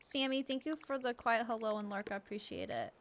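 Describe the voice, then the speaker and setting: A woman's voice: a little high, a little fast, slight background noise. A woman streaming a game, chatting casually and gushing over her viewers, teary and emotional. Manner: gushing, excitable, laughs often. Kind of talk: casual live-stream chat.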